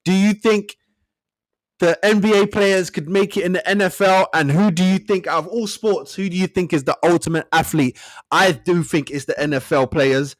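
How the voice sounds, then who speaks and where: A man's voice: high-pitched, fairly even intonation, normal speed. A man co-hosting a casual sports chat who laughs along and wraps up the show. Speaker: podcast co-host.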